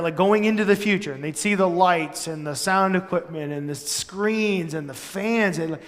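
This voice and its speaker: A pastor giving a casual, storytelling sermon in a church, animated and full of "like" and "right?". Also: male voice, sits high. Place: church hall. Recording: long church-hall reverb.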